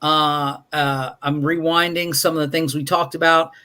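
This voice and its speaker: A man's voice: a little high, flat delivery, moderate pace, sharp tone, clean tone. A man hosting a casual live-stream movie review over a video call, rambling and wry with frequent fillers and restarts. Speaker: movie review show host.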